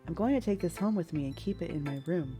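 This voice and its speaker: A woman reading out the lines of a shy, obsessive teenage girl from a game in a soft, lowered voice. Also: expressive, quick pace, over music. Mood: intense. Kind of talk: reading game dialogue aloud.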